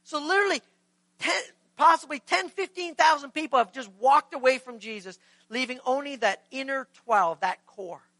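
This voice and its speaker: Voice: high-pitched, moderate pace, no echo, poor audio. A pastor preaching a sermon in a conversational way, asking the congregation rhetorical questions and acting out scripture dialogue. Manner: acts out scripture dialogue in lively voices.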